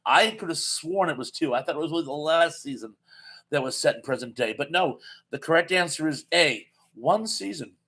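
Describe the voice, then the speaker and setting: A man's voice: a little high, expressive, fairly quick, a bit bright. Chatty man hosting a live trivia stream. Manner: chatty, reads viewer comments aloud, laughs at himself. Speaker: live show host running a TV trivia quiz. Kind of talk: casual live-stream chat.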